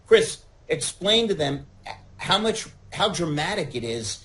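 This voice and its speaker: A man in casual podcast chat, joking and telling stories with animated asides. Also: fairly high pitch, unhurried, rough recording.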